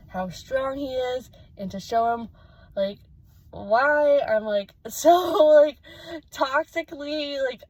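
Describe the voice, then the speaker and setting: A woman's voice: mid-range voice, a little mellow, dry recording, rough recording. A young adult woman giving a casual vlog update, rambling and emotional with many fillers. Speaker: vlogger.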